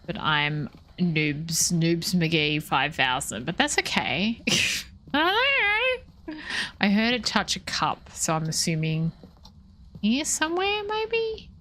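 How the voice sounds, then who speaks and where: A woman's voice: deep voice, very animated, slow, a bit bright, a little hiss or hum. A playful, chatty woman in her thirties with an Australian accent, talking casually with viewers while streaming a game. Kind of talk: casual gameplay commentary.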